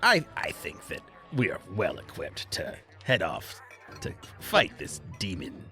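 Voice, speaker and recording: A man's voice: low-pitched, huge pitch swings, a little slow, bright, forceful tone, soft background music. A man playing a tabletop game, cracking jokes with the table. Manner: wisecracking. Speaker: player.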